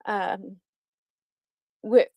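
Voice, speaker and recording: An American woman calling in to a live audio chat, speaking in an apologetic, halting way with sighs and pauses. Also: medium pitch, fairly even intonation, vocal fry, breathy edge, dry recording, highs cut off. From United States. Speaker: caller.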